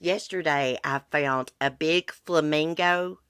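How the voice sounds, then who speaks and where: This middle-aged woman sounds congested as she speaks slowly in a low, slightly bright voice with a clean tone. She hosts a blunt, chatty livestream about true crime with live viewers, recorded in clean studio sound without echo.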